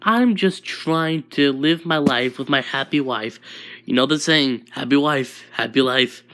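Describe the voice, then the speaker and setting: A narrator voicing a calm, sarcastic human husband. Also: mid-range voice, a little slow, lightly acted. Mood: wry. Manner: relaxed, sarcastic. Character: laid-back human husband, wry and calm.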